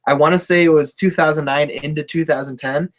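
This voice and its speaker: A young man holds court on a casual wrestling chat show. He talks in a laid-back, profane way and laughs often, with a voice pitched a little above the usual for a man. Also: fairly even intonation, fairly quick. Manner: laid-back, swears freely, laughs a lot. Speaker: co-host of a wrestling talk show.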